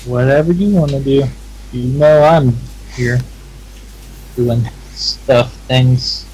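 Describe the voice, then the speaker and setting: A man's voice: medium pitch, takes it slowly, a little mellow, slight background noise, rough recording. A man playing in a tabletop game, chatting in a laid-back, joking way. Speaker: player. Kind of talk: casual game chat.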